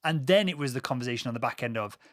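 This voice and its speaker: A man hosting a podcast, telling anecdotes in a relaxed conversational way. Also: medium pitch, very fast, no room sound, clean studio sound. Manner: tells anecdotes from his sales past. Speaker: podcast host. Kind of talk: conversational interview. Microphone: studio mic.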